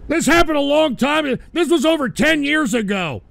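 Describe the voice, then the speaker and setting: High, gravelly man ranting on air. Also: animated, moderate pace, hardly any pauses. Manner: profane, stammering, repeatedly shouting in outrage. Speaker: radio show host. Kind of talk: angry on-air rant.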